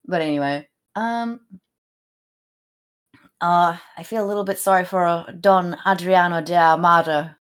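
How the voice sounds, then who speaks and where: A woman's voice: lowish voice, unhurried, pauses often, clear, resonant tone. A woman co-hosting a podcast, chatting casually about a play in an upbeat, opinionated way and laughing easily. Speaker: podcast co-host. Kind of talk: casual literary discussion.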